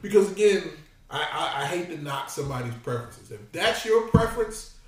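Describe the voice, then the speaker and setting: A man with a high-pitched voice talks loosely and profanely, stumbling over and repeating his words as he builds an argument. He sounds set back from the mic in a very echoey room with a faint hiss underneath. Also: sing-song, brisk, distant mic. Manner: rambling, repeats words, swears freely. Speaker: podcast co-host. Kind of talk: casual crude banter.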